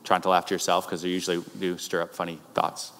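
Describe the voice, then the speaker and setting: A man's voice: low-pitched, completely flat delivery, quick pace, a bit bright. A male pastor preaching a sermon, conversational, with rising emphatic bursts. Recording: long hall reverb.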